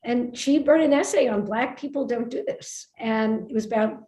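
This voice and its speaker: Animated New York woman, high voice. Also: normal speed. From Brooklyn, New York. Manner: animated, emphatic storyteller. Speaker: author and writing teacher. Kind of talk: lively conversation at a book event. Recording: roomy echo.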